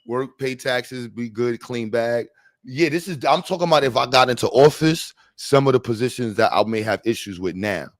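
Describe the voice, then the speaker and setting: A young man hosting a livestream panel, talking in slang, animated and joking, reading the chat aloud. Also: mid-range voice, normal speed, no room sound. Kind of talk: casual livestream talk. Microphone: streaming mic.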